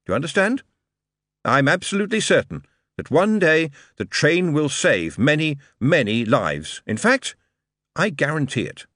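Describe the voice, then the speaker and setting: Glib male con-man charmer, voiced by a male narrator. Emphatic, theatrical, lively swoops. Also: fairly high pitch, normal speed, dry recording, studio quality, pitched above the performer's own voice, heavily acted. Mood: persuasive. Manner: persuasive, theatrical, raised and emphatic.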